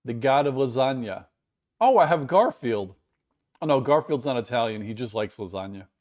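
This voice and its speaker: Reading viewer comments on a casual live stream recorded indoors at home, an American man from the United States chats and rambles with self-deprecating humor. He sounds animated and a little mellow, mid-range in pitch, at normal speed.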